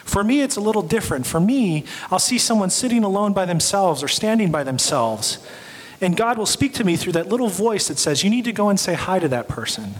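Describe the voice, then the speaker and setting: A man's voice: high-pitched, sing-song, a little fast. A young adult man giving a sermon as a pastor, telling stories and acting out the quoted voices. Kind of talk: sermon storytelling. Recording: long hall reverb.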